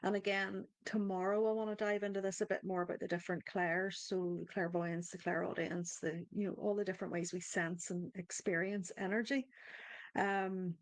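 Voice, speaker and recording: A woman leads a live online coaching circle at a normal speed, her medium-pitched voice level in tone. She speaks conversationally, restarts sentences now and then, and talks to viewers in the chat, with no room sound audible.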